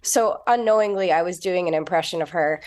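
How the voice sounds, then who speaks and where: A woman's voice: on the low side, brisk, a little mellow. A young woman with an American accent, an actor talking chattily as an interview guest and laughing often. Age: young adult. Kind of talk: casual interview.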